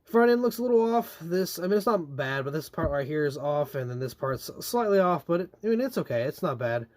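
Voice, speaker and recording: A young man reviewing diecast race cars in a chatty, animated way, with slangy asides and drawn-out complaints. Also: fairly high pitch. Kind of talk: casual product review.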